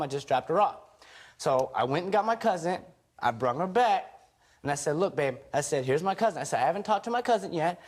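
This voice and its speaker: A man gives rambling testimony in a TV courtroom, his voice pitched fairly high for a man. He retells an argument at length and acts out the lines each person said. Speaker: husband in a TV court case.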